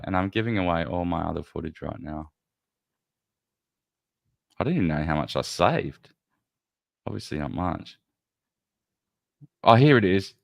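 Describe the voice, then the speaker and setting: A man's voice: sits low, creaky, dry recording, clean studio sound. A man hosting a casual chat show, rambling and cursing as he hunts for clips and interrupts himself. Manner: rambling, profane, self-interrupting. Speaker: podcast host.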